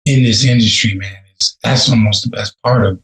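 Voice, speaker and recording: A man's voice: medium pitch, fairly quick, fairly bright tone, echoey room, rough recording. A man from Chicago, a rapper, telling stories in a casual, profane podcast interview. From Chicago, USA. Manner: laid-back, profane, storytelling. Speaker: rapper guest.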